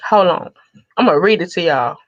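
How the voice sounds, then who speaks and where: A woman, telling a sassy, animated story to her viewers and laughing often. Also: on the low side, brisk, no echo, muffled recording. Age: 30s. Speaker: vlogger.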